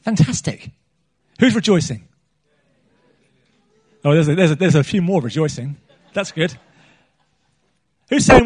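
A male preacher with a notably high voice delivers a sermon from a small church stage. He keeps it conversational and humorous, pausing to poll the congregation with questions. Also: animated, slightly rough.

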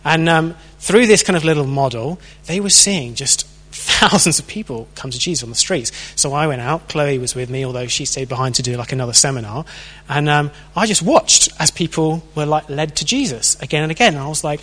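A man with a slightly raised pitch talks casually and self-deprecatingly, telling stories in a sermon. His voice rings with a long reverb, as if spoken in a church hall. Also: animated, brisk, a bit bright. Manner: self-deprecating, chatty storytelling. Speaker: church speaker. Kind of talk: sermon talk with personal stories.

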